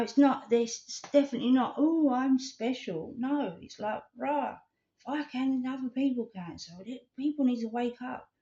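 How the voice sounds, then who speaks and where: A woman rambles through a casual vlog monologue, earnest and animated as she tells her stories. Her voice sits a little high, and the recording sounds slightly dull and lo-fi. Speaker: vlogger.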